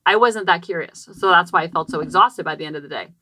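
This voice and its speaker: Thirtysomething mom telling a story on her podcast, bright punchy voice, lowish, super dry closet sound, says like a lot. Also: quick pace, no room sound. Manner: chatty and animated, acting out quotes, many "like" fillers. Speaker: parenting podcast host. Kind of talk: personal storytelling. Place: small closet. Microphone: podcast microphone.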